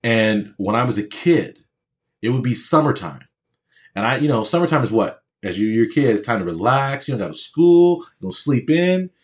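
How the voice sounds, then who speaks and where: A man with an average-pitched voice gives a motivational talk to would-be doctors. He speaks in a loose, conversational way and checks in with his listeners. He drives home points by repeating phrases. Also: animated, normal speed. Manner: emphatic, repeats phrases for emphasis. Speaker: motivational speaker to aspiring medical students. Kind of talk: motivational speech with personal stories.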